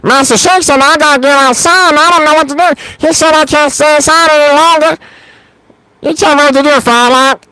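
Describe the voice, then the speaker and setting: A man voicing a childlike, fretful cartoon meatball character with a high, slurred, whiny voice. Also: steady tone, brisk, sharp tone, no echo, rough recording. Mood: whiny worried.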